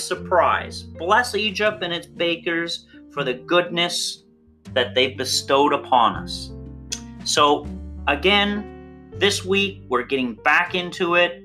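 An instructor delivers an online lecture in a bright, ringing voice. The delivery is playful and theatrical, leaning hard on words with wide leaps in pitch. A soft guitar plays faintly beneath the talk. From Canada. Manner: playful, theatrical emphasis with big swings in pitch. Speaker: course instructor.

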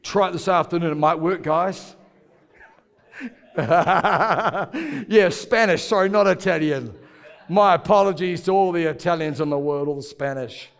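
A man's voice: sits high, unhurried, in a large hall. A male pastor preaching a sermon, playful and joking with the congregation, drawing them in to repeat words back.

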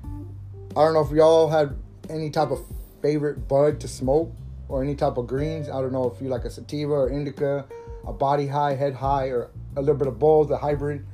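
Man, 30s, swearing podcast host with a mellow voice and a faint guitar bed. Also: medium pitch, level tone, a little fast. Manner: profane, rambling, laughing. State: coughing from smoking. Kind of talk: casual stoner monologue. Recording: faint guitar music behind.

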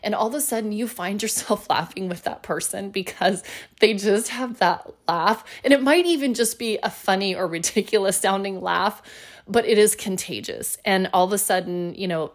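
A middle-aged woman talks through her own podcast alone. She is chatty and upbeat, and her voice sits a little low. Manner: chatty and upbeat, many fillers. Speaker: podcast host. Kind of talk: solo podcast monologue.

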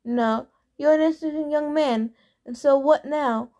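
A woman's voice: high-pitched, measured pace, a little mellow, muffled recording. A woman reading a breezy male messenger god. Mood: amused. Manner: breezy and offhand, busy businessman tone. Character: easygoing, fast-talking male messenger god.

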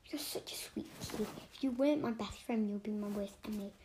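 Lady whispering as a fussy scared little schoolgirl, high squeaky whisper, whispered role-play. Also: fast talker, mellow, a little hiss or hum, close to an everyday voice. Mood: fond.

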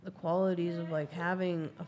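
A speaker at an average pitch talks in a reflective, candid way during a casual chat. Faint background noise runs under the voice. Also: flat delivery, fairly quick, darkish tone. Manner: reflective, candid, speaks openly about recovery and faith.

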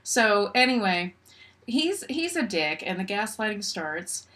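A woman co-hosting a casual podcast, recapping a movie and slipping into quick impressions of its characters. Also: mid-range voice. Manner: animated, quick to mimic characters. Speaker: podcast co-host.

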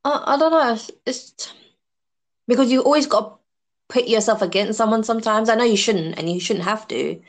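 A woman's voice: fairly high pitch, fairly quick. A woman chatting casually as a podcast guest, eating snacks while she talks. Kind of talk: casual chat.

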